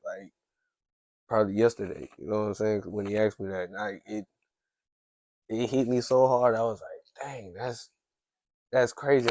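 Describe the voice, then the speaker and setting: A man's voice: fairly low pitch, darkish tone, no echo. Podcast host man telling a story. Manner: rambling, heavy use of "like", frequent restarts. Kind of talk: casual storytelling chat.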